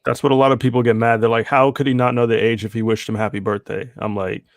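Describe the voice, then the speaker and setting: Dude co-hosting, talks fast, blunt and sweary, dry close sound. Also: male voice, medium pitch, level tone, no echo. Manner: blunt, swearing, quick agreeing interjections. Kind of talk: casual commentary chat.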